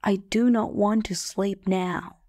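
A woman voices a brooding gentleman who is master of the house, in an audiobook for learners. Every word comes slow and plain, at a very unhurried pace. The sound is close and dry. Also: medium pitch, fairly even intonation, dry recording, lightly acted. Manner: slow, plain, clearly spoken. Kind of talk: audiobook character reading for learners.

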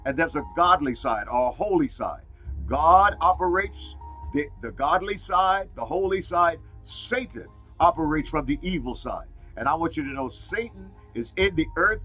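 A man preaches a fiery sermon, stacking up repeated phrases for emphasis. His voice sits a little high, bright and edged, with a husky grain. Soft music plays faintly behind him. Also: rough recording. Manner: exclaims "Glory to God" and "Hallelujah" often.

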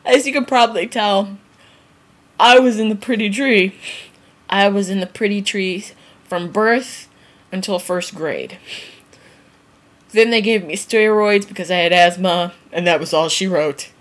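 A woman vlogger with a medium-pitched voice talks a little slowly and pauses often as she rants comically to camera. She rambles, giggles at herself, swears freely, and acts out quotes in a casual, comedic way.

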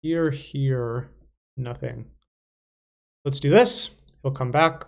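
Young male chess streamer, gravelly mid voice, loose self-talk while playing. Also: medium pitch, slow pace. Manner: casual, self-talking, playful asides and mumbles. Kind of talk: thinking aloud while playing online chess.

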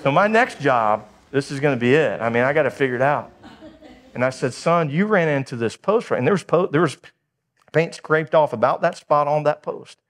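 A middle-aged man preaching a sermon, telling a family story with lively acted-out dialogue. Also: a little high, normal speed. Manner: animated storytelling, acting out dialogue. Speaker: pastor.

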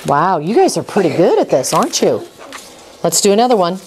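A woman reading teacher coaching a class through words, with upbeat praise and quick prompts. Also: fairly low pitch, big pitch swings, a little mellow, a little hiss or hum.

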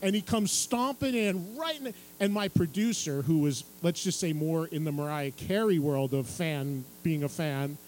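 On a small radio station stage at a public event, a middle-aged radio and TV music host tells a story at a book signing, acting out other people's lines and laughing through it. His higher-pitched voice moves at a moderate pace with few pauses, over a faint hum on a rough recording.

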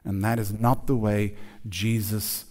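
A man preaching a sermon in church in a conversational, emphatic way, often dropping suddenly to a quiet voice. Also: on the low side, flat delivery, unhurried. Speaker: pastor.

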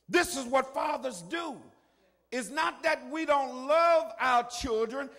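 Older preacher, high voice, shouts and murmurs, long hall reverb. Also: male voice, animated, slow pace. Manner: preaching, swinging from quiet asides to shouting. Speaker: pastor. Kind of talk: sermon. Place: church sanctuary.

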